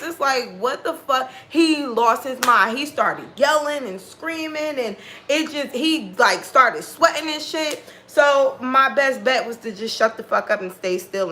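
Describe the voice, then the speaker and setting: A woman's voice: high voice, pushed and bright, slight background noise. A woman telling a personal story in a casual monologue, blunt and full of swearing, acting out what people said. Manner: blunt and heavily profane, acting out quoted dialogue.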